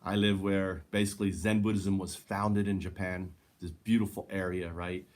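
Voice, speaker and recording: A man's voice: deep voice, little pitch movement, normal speed, a little mellow. A man rambling through a casual vlog from his own house, laughing often and tagging his sentences with "right?", recorded on a handheld camera indoors. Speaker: vlogger.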